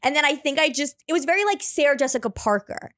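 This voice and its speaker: A woman's voice: high-pitched, animated, fast, a bit bright. A woman in her thirties, a comedian guest on a podcast, telling rambling stories full of "like". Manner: rambling storyteller, lots of "like". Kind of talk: casual podcast chat.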